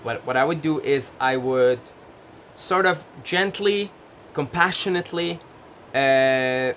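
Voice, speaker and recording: A man giving gentle, casual advice straight to the camera, full of fillers and restarts. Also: medium pitch, slow, a little hiss or hum. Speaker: advice vlogger.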